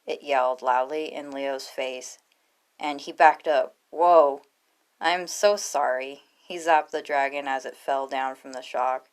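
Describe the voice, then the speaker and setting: A woman reading a fan fiction story aloud in plain, steady narration. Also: rumbling low, a little slow, clear, resonant tone.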